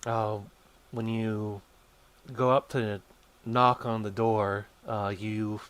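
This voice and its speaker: A man runs a tabletop game in a slow, measured voice. He sits somewhat low in pitch and fills pauses with um and uh as he narrates. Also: fairly even intonation. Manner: unhurried, with many fillers. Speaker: game master.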